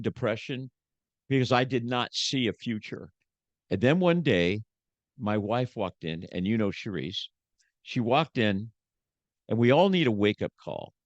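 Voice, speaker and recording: A man, a motivational speaker, giving an emotional personal testimony as a podcast guest, shifting from hushed to emphatic like a preacher. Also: medium pitch, dry recording, dull audio.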